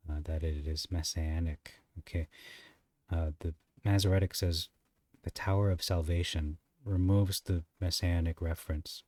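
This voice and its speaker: Man, deep low voice, mellow tone, scripture commentary, dry sound a bit off-mic. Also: no echo, distant mic. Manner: explains slowly, reads verses aloud, asks rhetorical questions. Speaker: Bible teacher.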